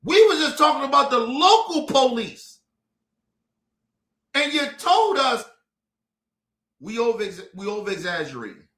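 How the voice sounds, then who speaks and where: A man from the United States lectures his listeners in a heated, profane streamed commentary rant. His very high-pitched voice is bright, forceful, and very animated, running a little slow with frequent pauses, and the sound is reverberant.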